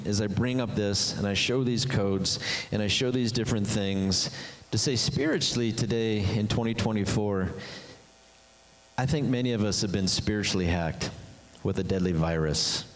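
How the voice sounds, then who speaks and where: A man preaching a sermon as pastor, animated, jumping his pitch up high to act out voices. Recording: long hall reverb.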